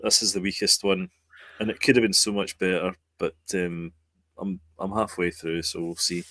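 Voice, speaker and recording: A man co-hosting a podcast, hesitant and halting as he talks about TV shows. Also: low voice, flat delivery, bright, forceful tone, no room sound. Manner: hesitant, fills with ums and restarts. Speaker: podcast co-host. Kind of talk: casual chat.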